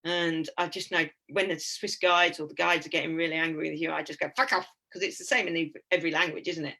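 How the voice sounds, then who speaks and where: A woman in her fifties giving a lively, blunt and humorous talk with slides about a climbing trip. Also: sits low, fast, vocal fry. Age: 50s.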